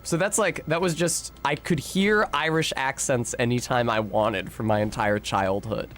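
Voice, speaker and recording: A young American man talking his way through a game stream, wandering from story to story and swearing freely. He reacts to the fight on screen and answers his chat in a loose, offhand way. His voice sits at an ordinary middle pitch, with a faint hiss of noise behind it. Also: normal speed, a bit bright. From United States. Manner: rambling, profane, chatty, answers chat while playing. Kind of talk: casual gameplay stream chat.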